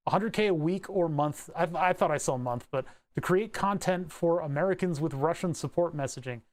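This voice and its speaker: During a livestream, a man with a fairly high voice chats briskly and slightly raised while working on electronics. He drifts between technical talk and tangents, swearing and tossing in laughing asides.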